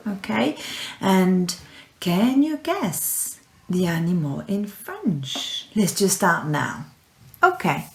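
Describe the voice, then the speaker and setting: Slow, lively woman teaching children. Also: medium pitch. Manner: slow, clear, encouraging, repeats words for pupils. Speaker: primary school French teacher. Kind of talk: recorded classroom lesson for children. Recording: echoey room.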